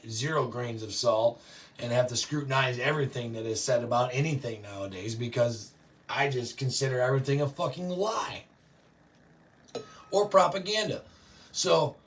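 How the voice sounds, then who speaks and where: A man hosting a show, ranting profanely and yelling often, reacting to live chat. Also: medium pitch, recorded from a distance. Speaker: show host. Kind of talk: political rant to live chat.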